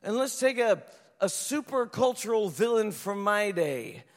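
Pastor, male, high voice, lively storytelling sermon, long hall reverb. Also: unhurried. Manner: animated storytelling, acts out voices.

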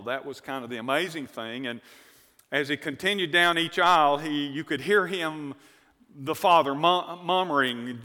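A man's voice: on the high side, sharp tone. A man preaching a sermon as pastor, telling a story to his congregation and reading scripture aloud. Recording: church hall reverb.

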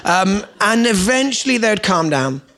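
A man's voice: high-pitched, a little slow. A man, preaching as a guest pastor and telling stories with playful asides. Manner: storytelling, playful asides, lively voices for his children. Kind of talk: sermon. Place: church.

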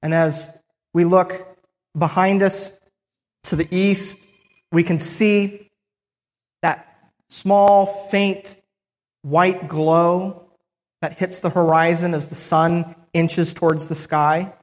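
A preacher retelling a Bible story in the first person, with frequent restarts and pauses. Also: mid-range voice, fairly even intonation, in a large hall.

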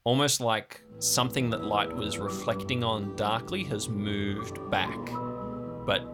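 A man's voice: fairly low pitch, a little slow, over music. A young man narrating a tabletop game as game master, describing scenes in a suspenseful storytelling manner.

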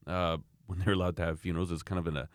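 A man's voice: deep voice, level tone, rapid-fire, no room sound, clean studio sound. A man from Canada talking casually about raising children, emphatic and rambling, often restarting his sentences. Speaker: parent sharing views. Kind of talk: casual opinionated chat.

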